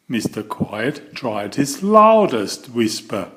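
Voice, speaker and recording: A man reading a children's picture book aloud, addressing the young listener playfully and drawing out his words. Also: medium pitch. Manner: animated, drawn-out, playful to children. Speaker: storybook reader.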